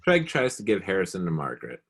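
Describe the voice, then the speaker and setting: A man's voice: sits low, huge pitch swings, fast, vocal fry, slightly rough. A man reading stage directions aloud in a plain, matter-of-fact way.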